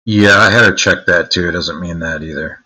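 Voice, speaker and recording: A man's voice: low voice, brisk, sharp tone, husky, poor audio. A man streaming live, chatting casually with his viewers in a crude, joking, mocking way.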